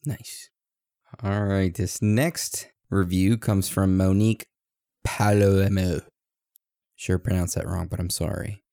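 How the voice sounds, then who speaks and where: Podcast co-host, male, low and gravelly, mellow tone, dry close sound, playful review reader. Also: fairly even intonation, slow pace, no room sound. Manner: playful, joking, goes off on silly tangents. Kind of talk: casual chat reading listener reviews.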